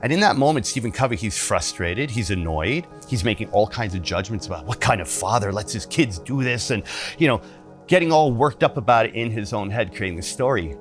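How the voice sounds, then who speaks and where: Earnest deep-voiced male facilitator. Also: animated, brisk, faint music behind. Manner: earnest, acts out voices in stories. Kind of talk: teaching talk with storytelling.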